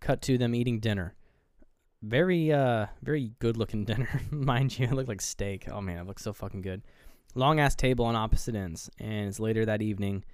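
A man's voice: on the low side, brisk, no echo, clean studio sound. A man co-hosting a movie podcast, retelling scenes in casual chat, swearing often and acting out the characters. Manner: animated, swears a lot, acts out scenes in voices. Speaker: podcast co-host.

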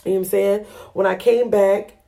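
Animated, slangy woman podcast host. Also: mid-range voice, normal speed, gravelly. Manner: animated, slangy, laughs while telling a story. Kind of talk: casual storytelling chat.

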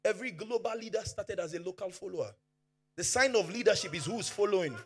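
Preaching quickly in a high voice, a Nigerian-accented pastor delivers a fervent sermon with faint music in the background. He moves from hushes to shouts and slips in Pidgin asides.

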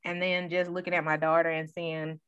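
Give me an animated woman telling stories, muffled and dry. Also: lowish voice, normal speed, clear, resonant tone, dry recording. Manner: animated storyteller who acts out quotes. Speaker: guest sharing her story. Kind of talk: casual conversation. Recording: dull, dry sound.

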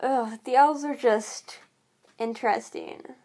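A young woman co-hosting a casual book discussion, reacting with drawn-out sighs and short comments. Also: on the high side, a little mellow. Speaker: podcast co-host.

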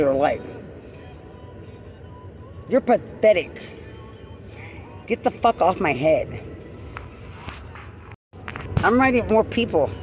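A man's voice: high-pitched, a little mellow. A man ranting angrily outdoors, accusing someone over and over and swearing. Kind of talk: angry confrontational rant.

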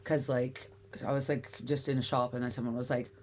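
A Canadian woman in her forties, the founder of a bagel shop, rambles through a casual interview as a guest, full of fillers and restarts. Her bass voice is brisk and a little mellow with little pitch movement, over slight background noise.

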